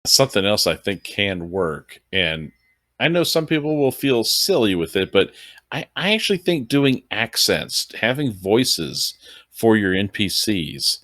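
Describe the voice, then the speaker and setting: A man co-hosting a podcast, explaining tabletop game-mastering tips in a measured, casual way. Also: lowish voice, very animated, a bit bright, no echo, studio quality. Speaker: podcast co-host. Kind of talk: casual chat about tabletop horror gaming.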